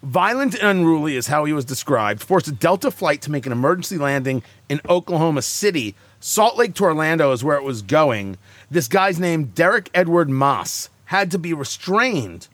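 A man's voice: on the high side, no room sound. A man hosting a talk show, ranting and joking sarcastically in casual banter with co-hosts. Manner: animated, sarcastic, quick asides.

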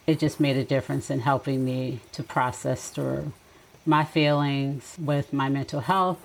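Middle-aged woman, deep voice, gravelly, reflective podcast guest, gently advising. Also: low-quality recording. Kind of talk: casual podcast conversation.

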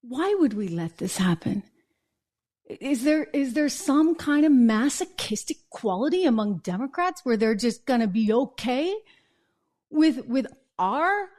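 A woman's voice: high voice, a little mellow. A woman from New Hampshire hosting an opinion show, indignant and full of rhetorical questions. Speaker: host.

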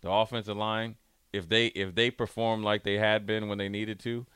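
A man's voice: on the low side, little pitch movement, normal speed, fairly bright tone, clean tone, dry recording, studio quality. A man talking sports in a playful, riffing debate, spinning out game scenarios. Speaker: sports talk host.

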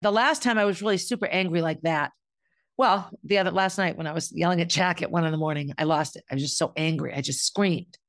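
Blunt, candid woman with a low voice. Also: fast talker, no echo, studio quality. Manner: blunt, candid, self-reflective. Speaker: podcast host. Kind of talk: personal confessional monologue.

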